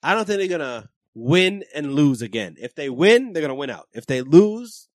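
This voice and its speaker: A man's voice: a little high, big pitch swings, moderate pace, dry recording, clean studio sound. A man, co-hosting a sports podcast in profane, emphatic casual banter. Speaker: podcast co-host.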